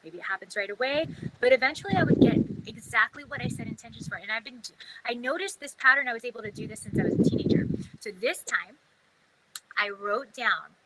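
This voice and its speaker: A woman's voice: a little high, lively intonation, normal speed, heavy background noise. A woman telling a personal story in a chatty, casual way, full of fillers, acting out her own past thoughts.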